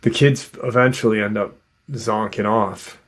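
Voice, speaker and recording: A man's voice: lowish voice, steady tone, a little slow. A man hosting a channel, casually retelling an encounter story in a loose, conversational way. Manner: loose and conversational, full of "um" and "you know". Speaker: host and storyteller.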